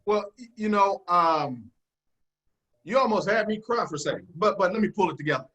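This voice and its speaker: A man's voice: high voice, animated, fairly quick, a bit bright, breathy edge. A man hosting an interview, reacting to his guest and asking questions. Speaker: host. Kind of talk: interview chat.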